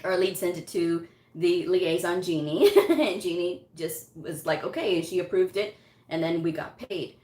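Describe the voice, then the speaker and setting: A woman with a slightly low voice tells a personal story, casual and chatty. She laughs often and acts out what others said to her. The sound carries some room echo. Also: moderate pace, a little mellow. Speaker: medical coding vlogger. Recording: echoey room.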